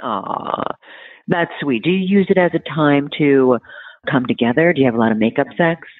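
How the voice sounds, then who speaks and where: A woman's voice: deep voice, lively intonation, normal speed, no echo. A woman in her forties, a relationship expert talking in a frank, blunt, philosophical way as an interview guest. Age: 40s. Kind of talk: casual interview chat. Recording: tinny phone-like line, dry.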